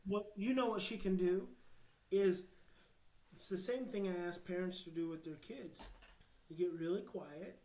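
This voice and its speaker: Passionate American male guest expert, earnest, hushed-to-emphatic delivery, echoey room. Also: sits high. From United States. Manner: passionate, slows down to near-hushed then swells with emphasis. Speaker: guest, child behavior expert. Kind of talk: podcast interview, earnest advice.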